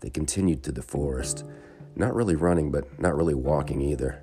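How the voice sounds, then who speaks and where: A man narrating a children's adventure story in a calm, measured way. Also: rumbling low, soft background music.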